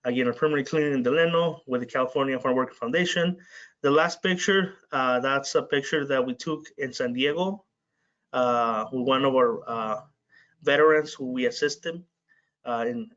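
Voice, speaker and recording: Man, webinar presenter, mid-pitched voice, halting delivery, lots of filler sounds, muffled video-call audio. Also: fairly bright tone. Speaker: presenter for a community organization.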